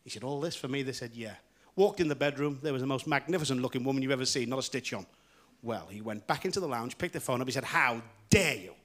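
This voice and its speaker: A middle-aged man hosting a live variety show, telling jokes in a stand-up monologue with frequent chuckles. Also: mid-range voice. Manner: brisk joke-telling with chuckles. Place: large theatre stage. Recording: live theatre with roaring audience. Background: loud audience laughter and applause.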